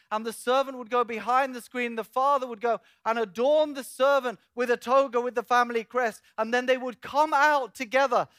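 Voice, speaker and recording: A pastor delivers a sermon in a high, clear, resonant voice. He is animated and acts out imagined conversations, swinging from hushed to loud. The sound is close and dry, with no room around it. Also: no echo. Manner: animated preaching, voices an imagined dialogue with shifting loudness.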